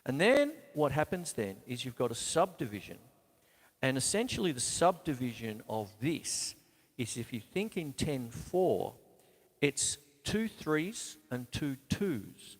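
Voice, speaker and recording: A man's voice: mid-range voice, big pitch swings, a little slow, long reverb tail. A man hosting a live drum lesson, chatty and self-mocking, counting beats aloud between explanations. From Australia. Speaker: drum teacher and show host. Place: home studio with drum kit.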